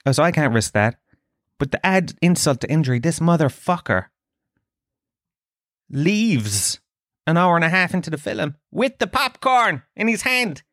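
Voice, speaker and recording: Guy hosting his own podcast, swears a lot and rants, voice gets loud and high when he's worked up, dry close mic. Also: a little slow, pauses often, no room sound. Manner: profane, ranting, animated. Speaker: podcast host. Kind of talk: comic storytelling monologue.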